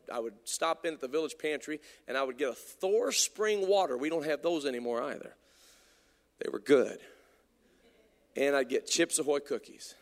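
A man from Indiana preaching a sermon, stammering and repeating himself, moving between hushed storytelling and shouted exhortation. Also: mid-range voice, long reverb tail. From Indiana, USA. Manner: stammering restarts, repeated words.

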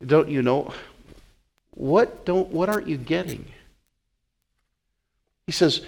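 Animated male preacher, slightly higher voice. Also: slow pace, vocal fry, long pauses. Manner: animated, stumbles and repeats words, acts out scenes. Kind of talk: sermon.

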